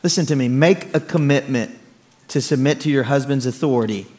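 A man pastor preaching a storytelling sermon from a church stage, animated and exclaiming as he talks. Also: mid-range voice, fairly quick. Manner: animated, exclaiming, laughing through stories.

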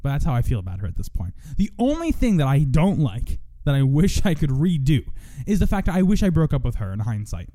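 This young man's slightly high, warm voice swings widely in pitch as he vents briskly on his solo podcast. The monologue is profane and rambling, and he constantly interrupts and restarts himself.

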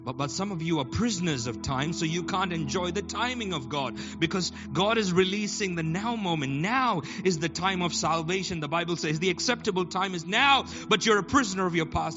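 A man preaching a passionate sermon in church. He repeats phrases and builds to shouted and half-sung declarations. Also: high-pitched, expressive, brisk, hardly any pauses. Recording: dull lo-fi recording with keyboard music. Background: live keyboard playing.

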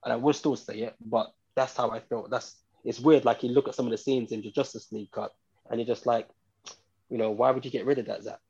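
Husky man rambling about a film. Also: mid-range voice, steady tone, fairly quick, mellow, highs cut off. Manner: rambling, repeats himself, many fillers. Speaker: podcast co-host. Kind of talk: casual film review chat.

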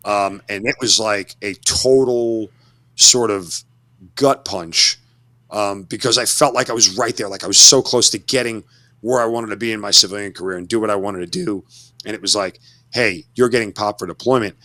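A man in his forties with a voice on the low side talks at normal speed, pushed and bright, with no room sound. As a former Army officer being interviewed, he tells his story reflectively and conversationally, repeating words as he restarts.

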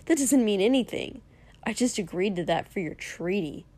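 A woman's voice: mid-range voice, animated, normal speed, warm tone, lightly acted. A woman voicing a crude, hot-tempered young man in a fantasy story, snarling taunts.

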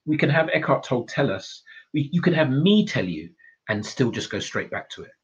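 A man's voice: mid-range voice, sing-song, brisk. A man giving a casual self-development talk, blunt and swearing freely, laughing at his own points. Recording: dull lo-fi recording.

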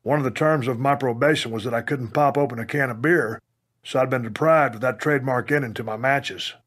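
A man from Texas narrating his own memoir as an audiobook, in a gruff, plainspoken storytelling way with some mild cursing. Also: medium pitch, brisk. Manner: punches up quoted lines with loud bursts.

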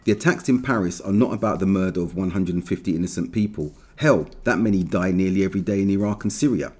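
A man reading an opinion article aloud in an earnest, measured, emphatic way, with occasional slips. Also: deep voice, warm tone.

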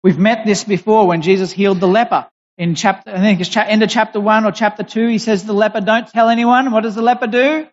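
A preacher giving a sermon in a deliberate, emphatic way, pausing and restarting as they explain. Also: medium pitch, fairly even intonation. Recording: dull recording in a reverberant hall.

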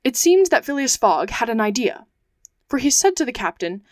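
A woman podcast host narrating a classic adventure novel aloud, reading in measured phrases. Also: a little high, big pitch swings, no echo, studio quality. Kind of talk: audiobook narration.

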